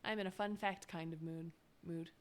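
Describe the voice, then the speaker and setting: A woman's voice: on the low side, steady tone, normal speed. A woman streaming a game, chatting casually and rambling through explanations with lots of fillers.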